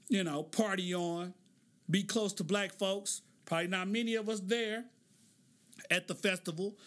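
A man giving casual commentary, preachy and animated, stretching words for emphasis and laughing often. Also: high-pitched.

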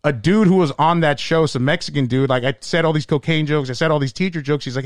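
Profane, animated male comedian storyteller. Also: fairly high pitch, quick pace, hardly any pauses, no room sound, clean studio sound. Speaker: stand-up comedian. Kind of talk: casual podcast chat, storytelling.

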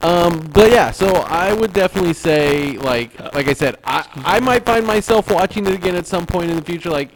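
A man's voice: high voice, animated, a little fast, few pauses, low-quality recording. A man hosting a casual podcast chat, rambling with frequent restarts and easy laughs. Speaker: podcast host.

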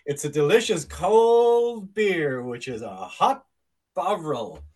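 Jokey high-voiced man bantering on a podcast. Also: big pitch swings, slow pace, darkish tone. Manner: jokey, puts on silly voices and accents, laughs a lot. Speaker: podcast co-host. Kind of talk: casual banter.

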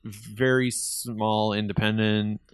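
A young man speaks in a smooth, low voice, easygoing and unhurried, often pausing on fillers. The recording is dry and close. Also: no echo. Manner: relaxed, hesitant with frequent fillers. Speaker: podcast co-host. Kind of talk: casual chat.

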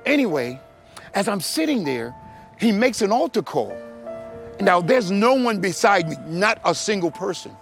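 A man in middle age with a notably high voice shares his conversion story before a congregation. He tells it as lively drama, leaping up and dropping low as he acts out each voice. Soft music plays faintly behind him. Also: moderate pace, gravelly. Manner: animated storytelling, acting out voices with big swings in pitch and loudness. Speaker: testimony speaker. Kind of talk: personal testimony in church.

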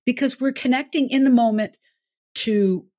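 Woman, podcast host, casual chat, husky tone, affirming. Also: fairly high pitch, moderate pace. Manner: warm and affirming, frequent "mm-hmm".

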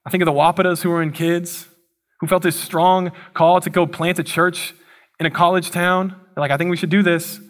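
Male pastor, slightly higher voice, casual sermon storytelling. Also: flat delivery, fairly quick. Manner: casual storytelling with slangy asides.

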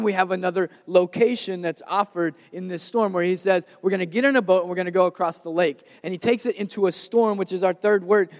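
A pastor preaching a sermon in a casual, conversational way, rising to loud emphasis and dropping to soft, hushed lines. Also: male voice, high voice, big-room sound.

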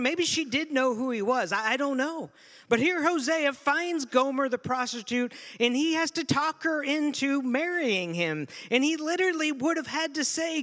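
Bright, high male preacher telling a story with animated restarts; long hall reverb. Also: unhurried. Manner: animated, repeats words when starting phrases. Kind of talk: storytelling sermon.

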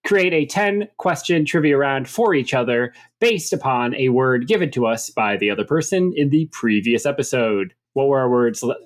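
A man's voice: medium pitch, animated, normal speed, few pauses. A man co-hosting a trivia podcast, chatting casually with dry, wry humor. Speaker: podcast co-host. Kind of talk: casual banter.

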